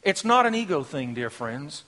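A man preaching a sermon, shifting between hushed, intimate lines and loud, emphatic declarations. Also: fairly high pitch, big pitch swings, moderate pace.

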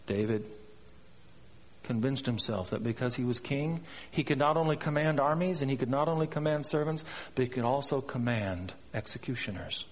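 A man preaching a sermon, storytelling with dramatic swings from hushed to emphatic. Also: medium pitch, moderate pace. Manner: dramatic, rising and falling in intensity. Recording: long reverb.

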